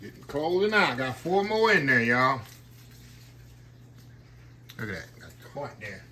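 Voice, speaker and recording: A man's voice: mid-range voice, very animated, a little slow, sharp tone, slight background noise. A man with a Southern American accent chatting casually through a home cooking vlog, folksy and talkative, often calling out to viewers as y'all. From Southern United States. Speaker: cooking vlogger. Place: home kitchen.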